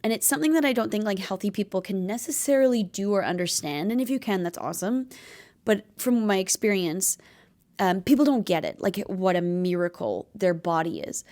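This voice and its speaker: A woman's voice: medium pitch, lively intonation, fairly quick, a little mellow. A young woman hosting a podcast, talking in a casual, heartfelt and rambling way, with lots of filler words. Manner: earnest, rambling, filler-heavy, tearful at times. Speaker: podcast host.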